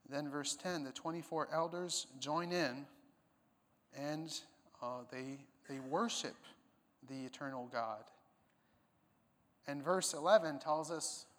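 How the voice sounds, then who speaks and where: A man's voice: on the high side, takes it slowly, long pauses, in a large hall. A man preaching a sermon, explaining a passage emphatically, with some fillers and restarts. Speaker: pastor.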